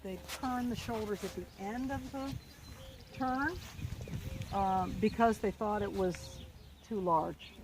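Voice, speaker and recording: A woman riding instructor, calm and encouraging as she coaches a rider through an outdoor lesson. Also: mid-range voice, slow pace, noisy background.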